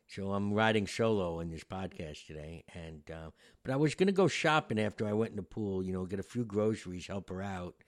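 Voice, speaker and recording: A man's voice: low voice, lively intonation, fairly quick. A man hosting a podcast, telling a story in a meandering, reflective way with many fillers. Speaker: podcast host. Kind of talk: casual storytelling.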